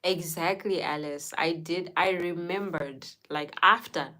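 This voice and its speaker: Woman, low unhurried voice, chatty streamer who laughs a lot and reads out viewer names. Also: fairly even intonation, pushed and bright, low-quality recording. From Zimbabwe. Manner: laughs often, answers viewers by name. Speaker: live streamer reading chat. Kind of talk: casual storytelling to a live chat.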